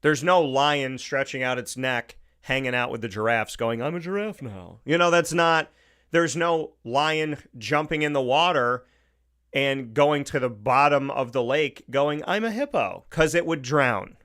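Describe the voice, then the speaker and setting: A man's voice: medium pitch, measured pace, a bit bright, clear, resonant tone. Emphatic male talk show host. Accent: Upstate New York. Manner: emphatic, repeats points, acts out quotes. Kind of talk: opinionated monologue.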